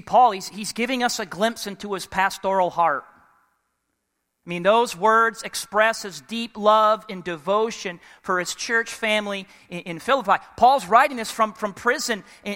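A man preaching in a church sanctuary, his high, bright voice carrying a long reverb tail. He speaks smoothly and clearly, with fired-up energy, and keeps prompting the congregation to answer back. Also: moderate pace. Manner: energetic, call-and-response with congregation. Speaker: pastor. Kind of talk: sermon.

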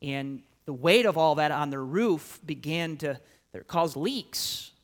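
A middle-aged man preaching a sermon, telling a personal story with animated swings from loud emphasis to quiet asides. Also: on the high side, takes it slowly. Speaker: pastor.

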